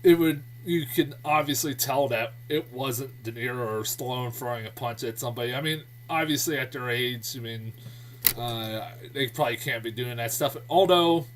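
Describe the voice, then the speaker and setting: A man talks through a movie review in an easygoing, rambling way, full of fillers and restarts, with a voice of ordinary middle pitch. He sounds a little distant from the microphone. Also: slight background noise. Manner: rambling, lots of fillers and restarts, laughs to himself. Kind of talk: casual spoken movie review. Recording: voice a bit distant from the mic.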